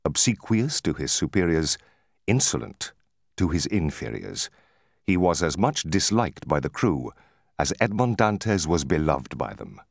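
A man narrating a classic novel as an audiobook in a measured, expressive reading. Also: sits low, vocal fry, dry recording, studio quality. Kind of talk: scripted narration.

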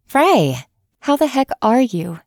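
A woman voicing a gruff, centuries-old female blacksmith who talks bluntly and plainly. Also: fairly low pitch, normal speed, darkish tone, no room sound, studio quality, close to an everyday voice. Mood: plainspoken.

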